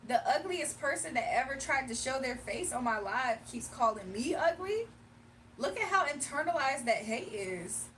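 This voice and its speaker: A woman's voice: high-pitched, lively intonation, moderate pace, fairly bright tone, far from the mic, slight background noise. A woman hosting a livestream in casual chat, mocking and blunt, laughing often. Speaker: livestream host.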